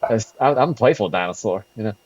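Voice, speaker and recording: A man's voice: on the low side, animated, fast, breathy edge, dry recording, highs cut off. A man in his thirties co-hosting a casual podcast, laughing often and stammering through restarts. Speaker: podcast co-host. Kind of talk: casual chat. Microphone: remote call mic.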